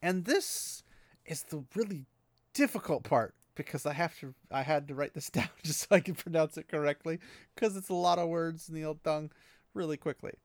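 A man with a gravelly voice recaps a fantasy book chapter in a loose, rambling way. He fills pauses with ums and small laughs. The sound is dry and close to the mic. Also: a little high, dry recording.

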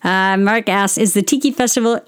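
A smooth, medium-pitched voice at a brisk pace belongs to a middle-aged woman chatting casually with her livestream viewers. She tells stories, responds to their questions, and keeps interrupting herself.

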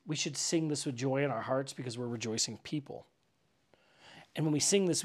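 Pastor, male, high-set voice, loose chatty sermon delivery with emphatic repeats. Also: a little mellow. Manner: conversational, many "like" fillers, emphatic repetition. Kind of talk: casual sermon. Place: church gathering.

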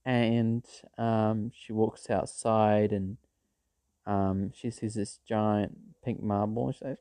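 A man's voice: fairly low pitch, steady tone, slow, dark tone, no room sound. A man telling a made-up story in a rambling, casual way, full of fillers and restarts. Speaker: vlogger.

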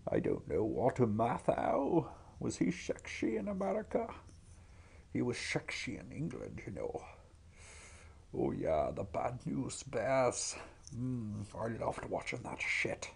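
Guy doing a raspy old smoker lech, slow gravelly drawl, swoopy. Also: medium pitch, darkish tone, full character voice. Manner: leering, crude, slow drawl. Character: raspy lecherous older man with smoker voice. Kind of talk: comedy character bit.

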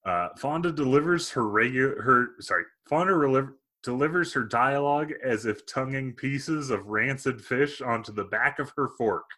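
A man's voice: mid-range voice, moderate pace, hardly any pauses, pushed and bright. A man co-hosting a podcast, reading movie reviews aloud in casual chat and laughing often. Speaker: podcast co-host.

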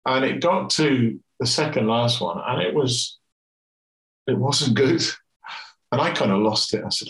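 A man's voice: medium pitch, measured pace. A middle-aged man, a swim coach and father, telling a candid story in a conversational interview. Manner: candid, animated, reflective storyteller. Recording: roomy echo.

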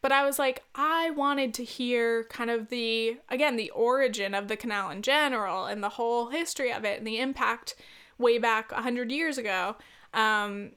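Smooth-voiced chatty woman podcaster. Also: fairly high pitch, normal speed, fairly bright tone. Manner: chatty and self-deprecating, laughs often, many fillers. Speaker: podcast host. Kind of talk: casual solo podcast chat.

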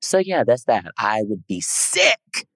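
A young man co-hosting a podcast, telling a personal story in casual chat, animated and dramatic, jumping from low murmurs up to high squeals. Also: slow, gravelly, no echo. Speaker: podcast co-host.

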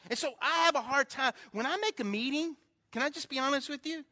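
Male pastor with a high, bright voice, delivering a sermon through casual stories and wry jokes at his own expense. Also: fairly quick. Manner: conversational storytelling with self-deprecating humor.

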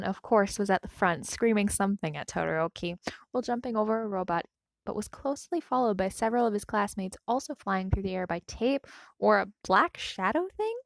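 A woman reading a fanfiction story aloud, then gushing softly about it. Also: mid-range voice, creaky, no room sound. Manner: gushing, soft-spoken commentary after reading. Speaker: fanfiction reader.

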